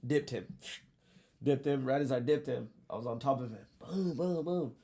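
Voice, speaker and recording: A man casually telling a story, animated and profane, acting out what people said. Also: mid-range voice, moderate pace, gravelly. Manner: animated, profane, acts out quotes.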